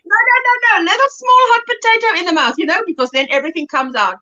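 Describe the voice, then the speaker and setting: A woman's voice: extremely high pitch, very animated, quick pace, sharp tone, lo-fi sound. A middle-aged South African woman hosting a livestream, chatty and laughing as she reads out viewer comments. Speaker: livestream host. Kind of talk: casual chat while crafting.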